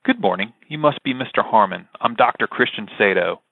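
A man's voice: on the low side, lively intonation, brisk, creaky, breathy edge, no echo, heavily acted. A man voicing a small, prim woman psychiatrist who is polite but steely, speaking formally, over a tinny, dry line.

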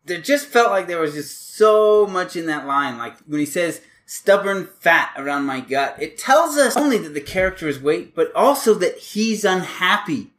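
A man's voice: high-pitched, lively intonation, normal speed, few pauses, fairly bright tone. A man hosting a casual podcast, explaining writing and grammar in a chatty, rambling way with many restarts. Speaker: podcast host.

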